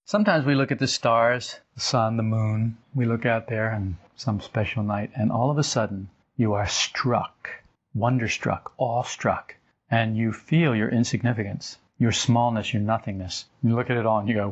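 An older man giving an informal spiritual talk as a teacher, telling stories and acting out quotes with his voice jumping higher. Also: moderate pace, breathy edge. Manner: animated storytelling, acts out quotes with rising pitch. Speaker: esoteric teacher. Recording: dull lo-fi recording.

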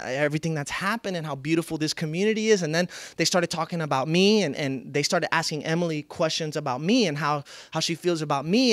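A man preaching a sermon, swinging from loud bursts to hushed lines and repeating key phrases for emphasis. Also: fairly high pitch, no room sound, studio quality. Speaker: pastor.

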